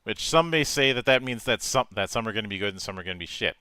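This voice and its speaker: A man's voice: on the low side, lively intonation, fast talker, bright, forceful tone, clean tone, no room sound, clean studio sound. A man co-hosting a casual chat about game trailers, speaking in a thoughtful, opinionated way. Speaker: co-host.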